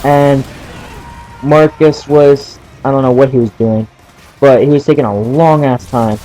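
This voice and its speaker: A man's voice: mid-range voice, steady tone, a little slow, mellow, poor audio. A young man in casual gameplay commentary, telling a story while playing, laughing often and swearing at the game. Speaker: gaming channel host.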